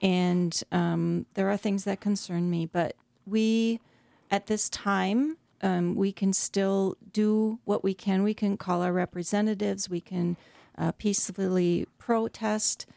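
A woman's voice: mid-range voice, fairly even intonation, slow pace, vocal fry, no room sound. A middle-aged woman, an author, talking earnestly as a guest in a radio interview with frequent hesitations. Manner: warm, earnest storytelling with hesitations.

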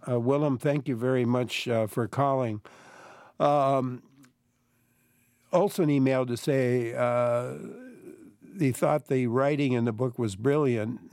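A man's voice: medium pitch, vocal fry, a little mellow, no room sound, studio quality. A man hosting a radio call-in show, reading listener emails in a conversational way. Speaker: radio host. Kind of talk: radio interview.

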